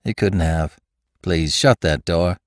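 A man's voice: deep voice, takes it slowly, no echo, clean studio sound. A man voicing a brusque, evasive country woman who answers shortly in rustic speech. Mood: curt.

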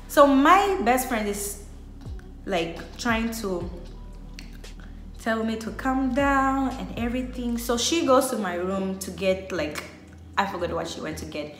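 A woman's voice: medium pitch, expressive, a little slow, fairly bright tone, faint music behind. A young woman telling a personal story on her vlog, chatty and full of filler words. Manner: chatty, heavy use of filler "like". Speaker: vlogger. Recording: echoey room.

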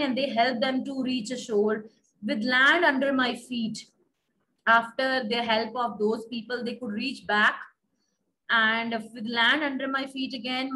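A woman's voice: a little high, fairly bright tone, slight background noise, low-quality recording. A woman teacher with an Indian English accent, reading a story aloud to a class and then retelling each part in plain words. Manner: reads passages aloud, then retells them in simple words.

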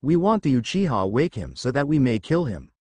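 A man's voice: medium pitch, very animated, brisk, darkish tone, husky, no echo. A man voicing a sneering young male enemy ninja, menacing in manner.

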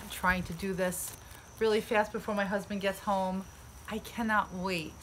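A woman's voice: mid-range voice, pushed and bright, slight background noise, poor audio. A woman from the United States chatting enthusiastically outdoors in a casual unboxing vlog. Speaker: vlogger.

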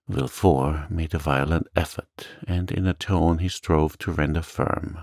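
Deep, gravelly, calm male narrator. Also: a little slow, hardly any pauses, no room sound, studio quality. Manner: calm, soothing. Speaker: audiobook narrator. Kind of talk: soft-spoken sleep story reading.

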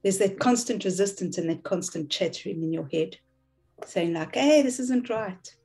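A woman with a South African accent sharing gentle reflections on a group video call. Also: mid-range voice, normal speed, soft background music. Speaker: participant on a call.

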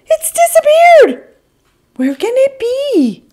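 A woman voicing a bottomless male robot who cries out loudly and high as he hunts for his lost part in a storybook. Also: steady tone, slow, gravelly. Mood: distressed.

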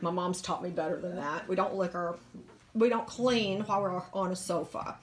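A woman voicing a young male puppy who is tired and put-upon, muttering low and quietly. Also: steady tone, moderate pace, crowd noise, close to an everyday voice. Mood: grumbly.

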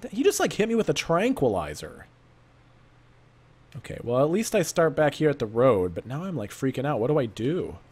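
An excitable man narrates a creepy game as he plays it, drifting into playful asides about a made-up camping trip. Whenever danger shows up he panics, firing off rapid repeated commands at the screen. His voice sits at an ordinary middle pitch for a man. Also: husky. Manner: playful self-talk, rambling asides. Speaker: let's play gamer. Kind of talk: gameplay commentary with improvised backstory.

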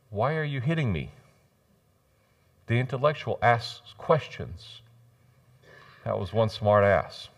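A male pastor with a drawl delivers a lively sermon in a church. His voice sits at a mid pitch and swings from booming emphasis to hushed asides, with a wry, joking touch. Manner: animated, jokey preaching with sudden loud rises and soft drops. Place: church sanctuary.

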